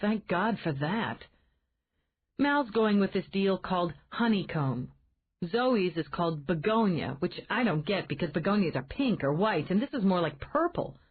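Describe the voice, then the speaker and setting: An outspoken young woman, as a woman reader plays her, talking in high, exclamatory, swooping bursts. The sound is thin and tinny, as if heard over a phone. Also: a little slow, slightly rough, full character voice. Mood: animated. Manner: exclamatory, animated.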